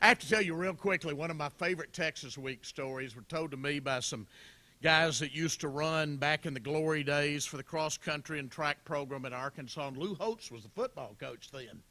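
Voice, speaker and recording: A middle-aged man hosting a club luncheon, telling stories with a jovial manner and quick asides. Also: on the high side, bright, forceful tone. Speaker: event host. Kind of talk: luncheon emcee remarks.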